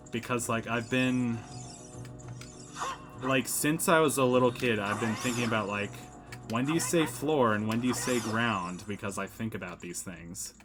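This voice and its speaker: Rambling man narrating a video game. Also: medium pitch. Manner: rambling, filler-heavy, self-mocking. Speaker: let's play host. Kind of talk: casual gameplay commentary.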